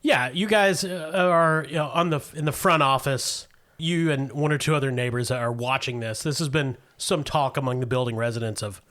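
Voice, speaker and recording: A man running a tabletop role-playing game as game master, explaining the setting in a relaxed way with fillers and restarts. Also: mid-range voice, moderate pace.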